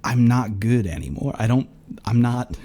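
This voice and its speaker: A man hosting a casual podcast chat, reacting loudly with frequent swearing. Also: mid-range voice, normal speed. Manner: expressive, profane reactions.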